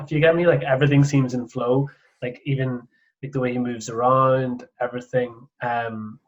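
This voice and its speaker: A man hosting a casual coaching conversation, talking in a rambling way full of "like" and restarts. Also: mid-range voice. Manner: rambling, lots of "like" fillers and restarts. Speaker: host, golf coach. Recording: muffled lo-fi audio.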